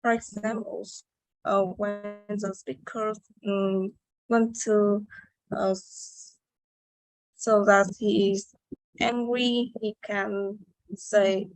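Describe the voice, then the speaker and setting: A woman's voice: medium pitch, little pitch movement, slow pace, no echo, rough recording. A young woman giving a class presentation, reading carefully with hesitations and restarts. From Vietnam. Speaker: student presenter. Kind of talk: class presentation on word stress.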